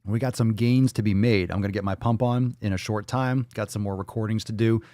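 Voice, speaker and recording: A man's voice: fairly low pitch, steady tone, fairly quick, warm tone, dry recording, clean studio sound. A man hosting a daily fitness livestream podcast, talking casually with hype, profanity and playful catchphrases. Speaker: podcast host.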